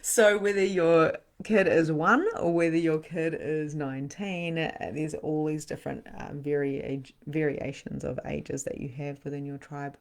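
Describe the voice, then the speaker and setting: A middle-aged woman hosting a live-stream card reading as a spiritual medium, often dropping into a soft whisper. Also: low voice, fairly even intonation, normal speed, creaky, few pauses, a little hiss or hum.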